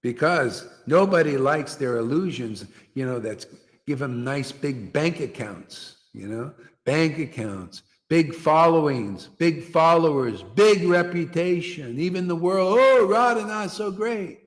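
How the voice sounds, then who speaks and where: A man's voice: on the high side, expressive, unhurried, big-room sound. A man preaching a fiery devotional sermon, emphatic and confrontational, challenging his listeners.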